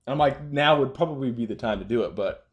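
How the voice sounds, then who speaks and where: A man's voice: mid-range voice, quick pace, muffled recording. A young man chatting casually about trading, easygoing, laughing often and trailing off into loose phrases. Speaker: trader. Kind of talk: casual chat.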